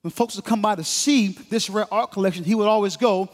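High-voiced preacher telling a story. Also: male voice, big-room sound. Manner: dramatic, measured storytelling. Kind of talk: sermon illustration storytelling. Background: music.

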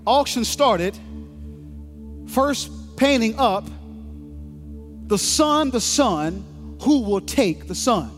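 A preacher voicing a stubborn, calm auctioneer who keeps repeating his call in a high, light voice. Gentle music hums under the sermon. He will not budge. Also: extremely slow, long pauses, in a large hall, exaggerated voice. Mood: insistent. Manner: chanting, insistent repetition. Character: persistent calm male auctioneer.

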